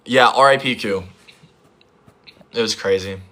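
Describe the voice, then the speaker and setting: Hoarse, bright-voiced young man chatting. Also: lowish voice, a little slow. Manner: chatty, rambling, reacts to chat comments. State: hoarse, voice recovering. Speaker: livestream host. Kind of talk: casual livestream chat.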